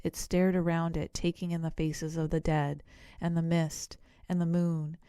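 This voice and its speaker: Female audiobook narrator, measured storytelling, dark mellow tone. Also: low-pitched, flat delivery, clear, resonant tone, no echo, clean studio sound. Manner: measured storytelling with voiced characters. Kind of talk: scripted narration.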